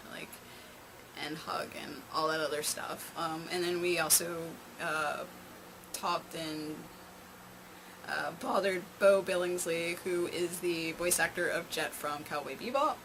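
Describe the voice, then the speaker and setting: Rambling young woman with background noise. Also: low-pitched. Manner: rambling, many fillers and restarts. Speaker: vlogger. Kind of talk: casual storytime chat. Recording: noisy home recording.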